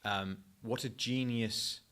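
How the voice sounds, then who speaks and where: A young man with a fairly low voice, chatting casually as a podcast co-host. He rambles and restarts his sentences and slips in jokes. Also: steady tone, slow pace, fairly bright tone. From Essex, England. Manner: rambling, self-correcting, jokey. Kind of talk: casual chat.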